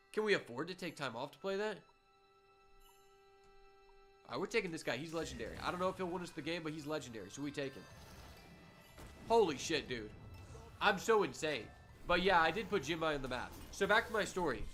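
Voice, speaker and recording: A young man streaming a card game, chatting casually and telling stories, given to sudden loud hype outbursts. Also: fairly high pitch. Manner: excitable, swings from quiet muttering to loud shouting. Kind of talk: live gameplay commentary and storytelling.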